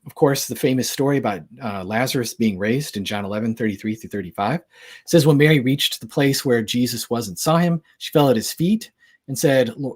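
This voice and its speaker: A man with a slightly husky, breathy voice talks through passages of scripture in an informal teaching style. He reads verses aloud, then explains them in loose, conversational speech full of fillers and asides. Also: mid-range voice, a little mellow. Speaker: Bible teacher. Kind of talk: casual talk on the Gospels.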